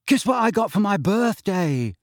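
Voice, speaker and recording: A man's voice: fairly high pitch, big pitch swings, unhurried, slightly rough, dry recording, studio quality, pitched above the performer's own voice, exaggerated voice. A man reading a story aloud, voicing a clumsy, eager teenage boy wizard who talks breathlessly and earnestly. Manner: breathless, earnest, a little flustered.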